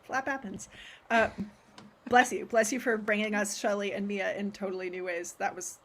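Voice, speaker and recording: A woman's voice: medium pitch, steady tone, moderate pace, fairly bright tone, slight background noise. A woman hosting a livestream, chatting casually and rambling with lots of fillers and effusive praise. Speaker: festival host.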